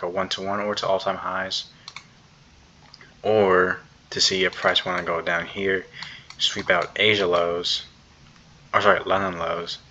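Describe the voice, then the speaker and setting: A young day trader with a lowish, bright voice and a forceful tone gives a casual, rambling recap of his trading day at his computer, packed with fillers and slang. It's a screen-recorded trade recap, and the audio sounds slightly dull with faint background noise.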